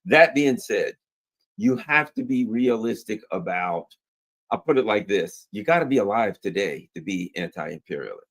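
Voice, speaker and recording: A man's voice: on the low side, moderate pace, breathy edge. A man co-hosting a political talk show, talking animatedly with many restarts and sarcastic mock quotes. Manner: animated, restarts often, mocks opponents in put-on quotes. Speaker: co-host. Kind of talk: political commentary chat.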